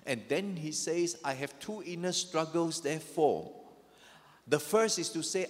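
Pastor preaching in a reverberant hall. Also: male voice, a little high, lively intonation, unhurried. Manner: emphatic preaching, voices the psalmist's lament with rising energy. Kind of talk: sermon. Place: church sanctuary.

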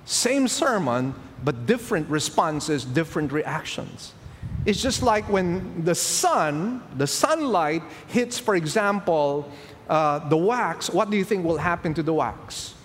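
A man with a high voice delivers a sermon in a church hall, where his words trail off into a long reverb. He keeps putting rhetorical questions to his listeners and answering them. A faint ambient hum sits under the room. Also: expressive, slow. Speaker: preacher.

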